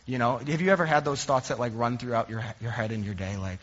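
A man's voice: mid-range voice, fast, hardly any pauses, a little hiss or hum. A young adult man preaching a sermon as a pastor, telling humorous, self-deprecating stories in a conversational way. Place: church sanctuary. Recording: dull recording in a reverberant hall.

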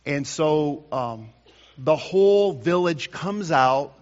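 A male pastor delivering a morning sermon, slow and emphatic, rising to loud bursts and dropping to quiet lines. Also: on the high side, animated. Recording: dull sound with long hall reverb.

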